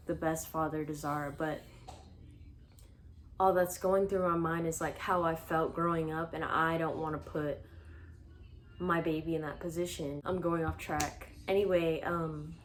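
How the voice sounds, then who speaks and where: A woman's voice: fairly low pitch, a little hiss or hum. A young woman vlogger casually telling her own life story, chatty with lots of "like" and small laughs. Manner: chatty, frequent "like", laughs between sentences.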